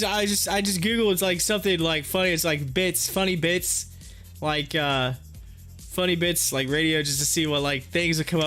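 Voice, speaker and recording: A man's voice: a little high, a bit bright. A man hosting a stock market livestream who tells a story in a rambling way, laughing as he goes. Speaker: stock market live streamer. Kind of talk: casual livestream chat.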